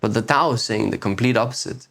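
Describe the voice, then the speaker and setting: This spiritual teaching talk comes from a man who hosts his own video series, speaking reflectively without rushing. His medium-pitched voice is creaky with a fairly bright tone. He repeats key phrases by circling back and asks rhetorical questions.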